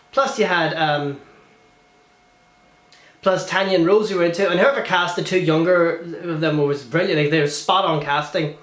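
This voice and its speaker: A man's voice: on the high side, a bit bright, echoey room. A man reviewing a film in a casual vlog, gushing and rambling with many restarts and fillers.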